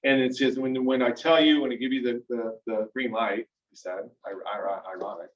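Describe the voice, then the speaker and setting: A man addresses a small group in a meeting room, telling his story in a loose, lively, conversational way and checking in with his listeners as he goes. He is picked up from a distance, so the room echoes around him. The sound is dull and muffled. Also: mid-range voice, brisk, hardly any pauses. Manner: animated, conversational, frequent "right?" and "okay?". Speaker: mastermind speaker.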